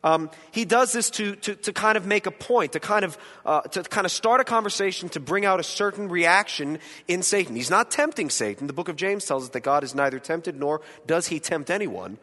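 A man teaching a Bible study in a conversational way, animated, with joking asides and rhetorical questions. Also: high voice, fairly quick, few pauses, in a large hall.

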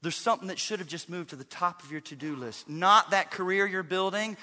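Middle-aged male pastor, bright high voice, emphatic sermon, reverb of a large church. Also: a little fast. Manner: animated, swings from loud emphatic to hushed and intense.

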